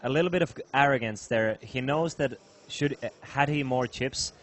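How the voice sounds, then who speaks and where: A man calls the action at a poker final table live. He talks through hands at a measured pace and breaks down the players' thinking. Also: medium pitch, fairly bright tone. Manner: measured play-by-play, laughs easily. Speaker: poker commentator.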